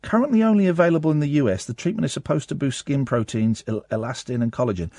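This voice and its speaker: A man's voice: mid-range voice, fast, few pauses, mellow, no room sound, clean studio sound. A man with an English accent hosting a talk radio show, joking with mischievous, playful asides. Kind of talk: comedic live radio chat. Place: radio studio.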